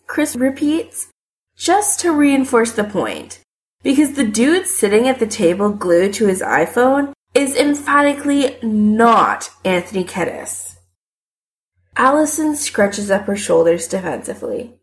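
A woman reading fiction aloud as an audiobook narrator in an expressive way. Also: mid-range voice, a little slow.

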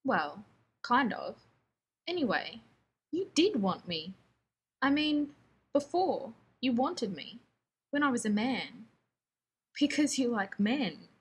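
Woman putting on a ranting arrogant genius, high and husky. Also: big pitch swings, takes it slowly, pauses often, exaggerated voice. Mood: shocked, babbling. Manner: snappish, exasperated, ranting. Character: prickly, arrogant male genius scientist stuck in a woman's body.

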